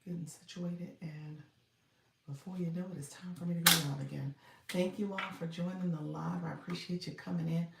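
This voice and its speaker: A woman hosting a casual livestream from her home, chatting in a soft, low voice and greeting viewers by name. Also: fairly even intonation, brisk, creaky, very noisy. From Florida. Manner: talks softly and low, near a whisper. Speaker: livestream host and coach. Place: home room. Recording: echoey room, distant mic.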